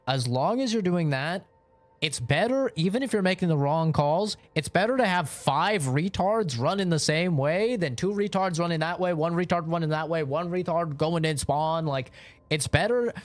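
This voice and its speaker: A man's voice: on the high side, lively intonation, normal speed, no room sound. A man streaming a game who chats casually, rambling and swearing often. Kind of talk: casual chat while gaming.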